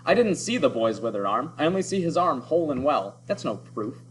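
A man's voice: on the high side, sing-song, a little fast, slight background noise, rough recording. A man voicing a stern, dismissive starship captain who talks in clipped, scornful bursts during a story read-aloud. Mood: impatient.

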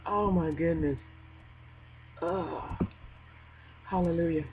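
A woman hosting a casual gospel internet radio show, animated and joking, laughing often between lines. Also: fairly low pitch, slow pace, faint music behind. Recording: dull lo-fi home recording with faint noise.

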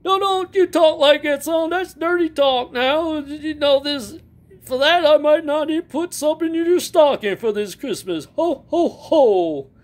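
A man's voice: very high voice, unhurried, pitched above the performer's own voice. A man voicing Santa Claus, a jolly, bossy old man who laughs "ho ho ho" and scolds his elf.

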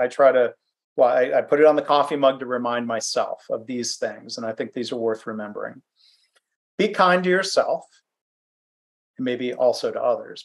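A man presenting a webinar from his home office, speaking conversationally and self-deprecatingly, with frequent fillers and restarts. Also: medium pitch. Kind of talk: presentation with anecdotes.

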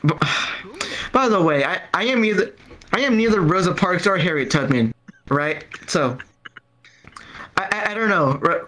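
A man's voice: high voice, bright, forceful tone, low-quality recording. A man doing open mic stand-up, rambling and stammering through a profane story while acting out the people in it. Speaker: stand-up comedian. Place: comedy club stage.

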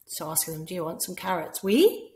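Scottish lady walking nursery staff thru french routines, lowish voice, goes all sing-song on the questions. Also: level tone, quick pace. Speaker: language teacher for nursery staff. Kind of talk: instructional talk for teachers.

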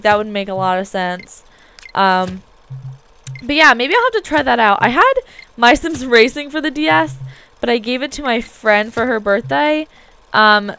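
Chatty young woman playing a game. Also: a little high. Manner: chatty, filler-heavy, excitable. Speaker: let's play host. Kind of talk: casual gameplay commentary.

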